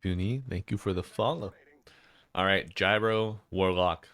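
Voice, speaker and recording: Laid-back deep-voiced male caster. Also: measured pace, a bit bright, no echo. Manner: chatty, laid-back, reads out chat names. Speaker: esports caster. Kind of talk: casual live-stream commentary.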